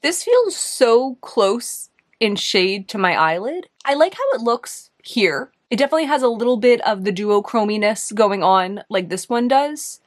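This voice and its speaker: A young woman with a New York accent chatting casually as she reviews makeup, thinking aloud, hesitant and full of "like"s. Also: fairly high pitch. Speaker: beauty video host.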